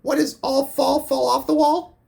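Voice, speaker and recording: A man voicing an eager woman game show contestant in a high falsetto, answering quickly. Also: flat delivery, vocal fry, darkish tone, exaggerated voice.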